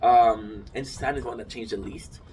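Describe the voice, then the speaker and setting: A man's voice: mid-range voice, fairly even intonation, moderate pace, darkish tone. Rambling man recorded from a distance. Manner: rambling, self-correcting, swears casually. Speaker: collector reviewing his figures. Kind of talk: casual rambling talk to camera. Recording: distant mic with noisy room ambience.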